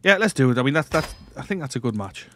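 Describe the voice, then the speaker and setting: A man's voice: medium pitch, big pitch swings, quick pace, fairly bright tone, a little hiss or hum. A man hosting a let's-play, casually thinking aloud as he plays a strategy game, often trailing off and restarting. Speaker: gaming channel host.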